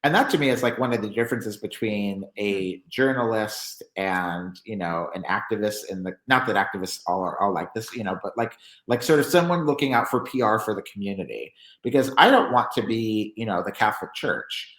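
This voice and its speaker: Rambling man with a low voice. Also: animated, brisk, few pauses, fairly bright tone, echoey room, rough recording. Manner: rambling, many restarts and fillers. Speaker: journalist guest. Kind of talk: casual interview talk.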